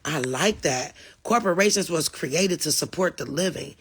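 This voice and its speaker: A woman's voice: deep voice, expressive, normal speed, breathy edge. A middle-aged woman hosting a livestream, casually reading and answering viewer comments and addressing them as y'all.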